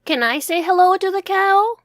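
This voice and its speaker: A woman plays a curious three-year-old boy in a storybook, his voice pitched up high and bouncing with excitement, lively and full of wonder. he calls out to farm animals eagerly. the sound is dry and close. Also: moderate pace, no room sound.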